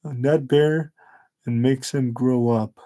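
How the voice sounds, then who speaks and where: A man's voice: mid-range voice, fairly even intonation, slow pace, mellow, natural voice. A man doing a sly scheming teen bully. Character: scheming teenage boy bully.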